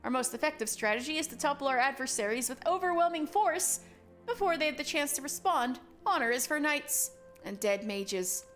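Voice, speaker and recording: A woman's voice: high-pitched, lively intonation, normal speed, fairly bright tone, faint music behind. A woman voicing a proud elder male mage brother, lofty and theatrical in her delivery.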